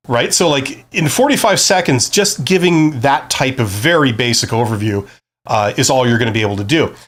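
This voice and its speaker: Guy on a live stream giving job interview advice, lively up and down voice, keeps asking "right?". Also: mid-range voice, moderate pace. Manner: conversational, explanatory, frequent "right?" check-ins. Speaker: career advice host.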